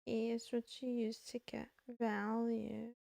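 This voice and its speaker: A young woman livestreams from her desk and talks playfully with her chat as she codes. Her voice sits a little high with a gravelly fry, and she speaks slowly. The sound is close and dry. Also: level tone, dark tone, dry recording. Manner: playful, talks to chat while working, giggly. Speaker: VTuber streamer. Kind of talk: casual coding livestream chat.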